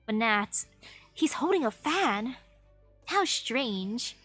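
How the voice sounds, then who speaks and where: A woman streamer with a high voice reads video game dialogue aloud in a playful, lively way. She shifts between characters and breaks in with her own reactions. Quiet game music plays underneath. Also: drawn-out words, breathy edge.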